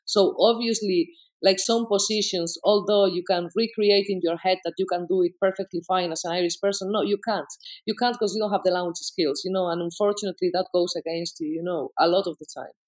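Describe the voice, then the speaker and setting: A speaker with a Spanish accent, whose first language is Spanish, chats in English in a loose, unscripted way. The talk is halting, pitched in the middle range, and packed with restarts and fillers. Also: steady tone. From Spain. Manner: hesitant, full of fillers and restarts. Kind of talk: casual conversation.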